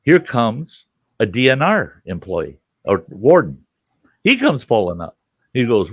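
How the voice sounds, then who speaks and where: Host, 60s man from Minnesota, cussing storyteller; animated pitch swings, dead-dry sound. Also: unhurried, husky, no echo. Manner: profane, animated yarn-spinning with acted quotes. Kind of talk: casual campfire storytelling.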